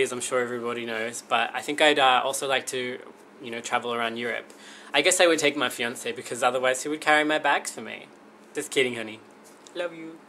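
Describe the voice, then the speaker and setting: A young man in his twenties runs through a casual question-and-answer vlog, dropping wry jokes as he goes. His voice is bright and clear, with a faint bit of room ambience underneath. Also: medium pitch, slight background noise. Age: 20s. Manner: wry, joking. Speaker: vlogger.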